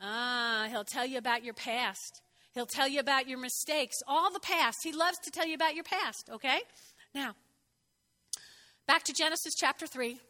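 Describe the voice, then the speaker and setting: A woman preaching a sermon in a high voice, talking with her congregation and having them repeat lines after her. Her tone is bright, and she leaps up in pitch to stress a point. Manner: conversational, prompts the congregation to repeat phrases; expressive, jumps in pitch for emphasis.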